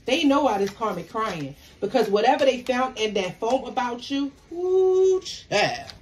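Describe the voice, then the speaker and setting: A woman's voice: a little high, moderate pace, slight background noise. A woman giving a casual tarot reading, talking emphatically to viewers. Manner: animated, emphatic, talks back to the cards. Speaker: tarot reader.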